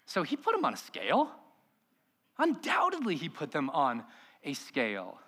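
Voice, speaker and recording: A man's voice: fairly high pitch, wildly swooping pitch, normal speed, fairly bright tone, breathy edge. A man preaching a sermon as pastor, emphatic and full of rhetorical questions to the congregation.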